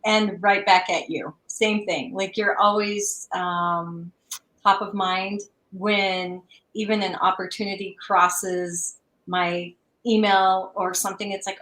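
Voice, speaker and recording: A woman's voice: medium pitch, steady tone, slow pace, fairly bright tone, echoey room, poor audio. A woman guest in a casual interview on a video call, speaking in a heartfelt, reflective way.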